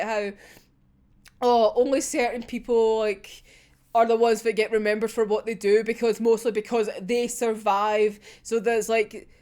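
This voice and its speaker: A young woman with a high voice gives an excited, casual reaction to a manga chapter. She swears freely and breaks into laughter often.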